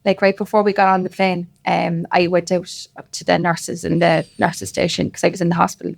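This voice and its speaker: Gravelly-voiced Cork Irish woman. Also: on the low side, level tone, fairly quick. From Cork, Ireland. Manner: rambling, emphatic storytelling full of "like". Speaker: podcast guest. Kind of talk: casual chat.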